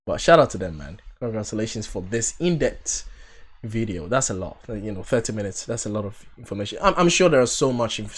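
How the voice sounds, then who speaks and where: A man hosting a reaction channel, giving casual, chatty commentary straight to his viewers. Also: lowish voice.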